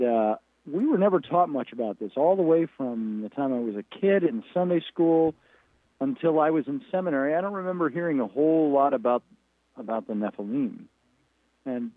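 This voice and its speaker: A man's voice: medium pitch, no room sound. Man explaining over a tinny phone line. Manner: earnest explaining, with filler pauses. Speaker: radio guest, author. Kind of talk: radio interview. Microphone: phone call.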